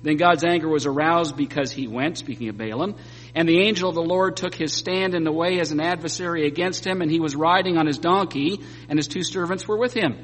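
A man preaching a sermon and reading scripture aloud, telling it with lively joking asides. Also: on the high side, brisk. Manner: animated storytelling with joking asides. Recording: long hall reverb, faint hum.

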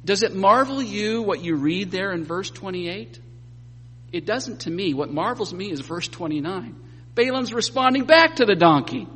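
A man preaching a sermon and reading scripture aloud, telling it with lively joking asides. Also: sits high, moderate pace. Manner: animated storytelling with joking asides. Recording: long hall reverb, faint hum.

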